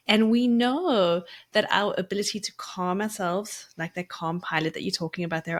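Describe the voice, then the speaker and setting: A woman co-host in a relaxed podcast chat, her voice sitting low for a woman. She speaks earnestly, leaning hard on the words she cares about. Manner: earnest, emphatic.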